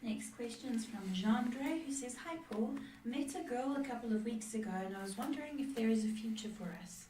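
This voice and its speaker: A woman co-hosting a psychic show, reading viewers' questions aloud in a plain, steady way. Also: a little high, normal speed, few pauses, far from the mic, a little hiss or hum. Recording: echoey room, off-mic.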